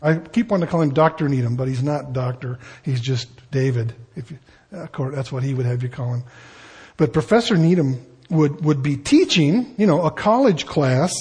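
A man's voice: a little high, normal speed, a little mellow, slightly rough. A man preaching an expository sermon in a conversational way, with asides and shifting emphasis. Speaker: pastor.

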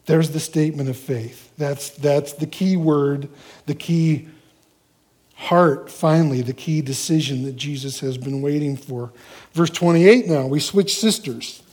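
A man preaching a sermon, walking through a scripture passage verse by verse and acting out the characters' lines in an animated way. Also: fairly high pitch, measured pace.

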